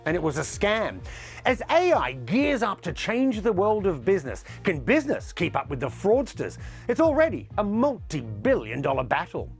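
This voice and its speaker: Lively male news presenter. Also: high-pitched. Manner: lively, emphatic delivery. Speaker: news show host.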